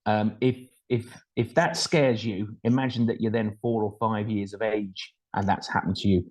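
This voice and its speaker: A man's voice: lowish voice, fairly even intonation, normal speed, a little mellow. Chatty middle-aged man telling stories. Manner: chatty and self-deprecating, acts out dialogue, frequent fillers. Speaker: foster carer telling his story. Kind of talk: anecdotal storytelling talk.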